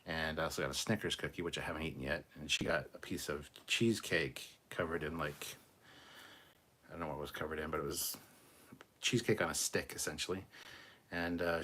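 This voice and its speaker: A man hosting a live stream, reading viewer super chats aloud and chatting about his day in a relaxed, rambling way. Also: a bass voice, a little fast, husky. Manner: relaxed, rambling, with fillers and restarts. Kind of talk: casual live-stream chat.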